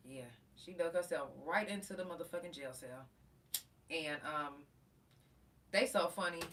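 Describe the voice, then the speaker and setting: A woman podcast host telling a story in a profane, animated way and acting out the quotes. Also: lowish voice, a little slow, pauses often, far from the mic, slight background noise. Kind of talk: casual storytelling.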